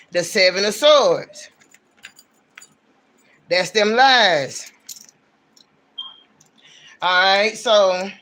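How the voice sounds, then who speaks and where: High-voiced blunt ranting man. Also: bright, forceful tone. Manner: blunt, ranting, slangy and emphatic. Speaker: tarot reader. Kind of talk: casual livestream tarot reading.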